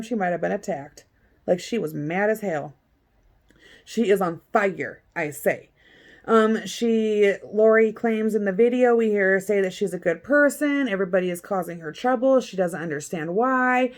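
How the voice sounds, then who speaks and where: A woman's voice: medium pitch, darkish tone. Blunt, sarcastic woman vlogger. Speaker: vlogger recapping a court hearing. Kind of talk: casual chat.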